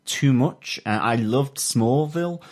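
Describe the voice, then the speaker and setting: A man co-hosting a TV review podcast in casual chat, enthusiastic and halting, with frequent fillers. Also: mid-range voice. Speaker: podcast co-host.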